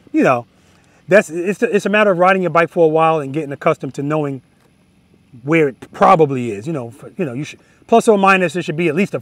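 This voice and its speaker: A motorcycle instructor, a man with a high voice, coaches riders through an outdoor drill. He talks directly and hammers home key words. His voice sounds dry and close, with motorcycle engines running behind him. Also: dry recording. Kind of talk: outdoor riding lesson instruction. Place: outdoor practice lot.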